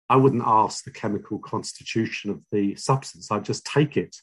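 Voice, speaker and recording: A middle-aged man with a London accent telling his own recovery story, halting and repeating words, wry and confessional. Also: fairly low pitch, fairly bright tone, slightly rough. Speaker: speaker sharing a recovery story. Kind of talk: personal testimony.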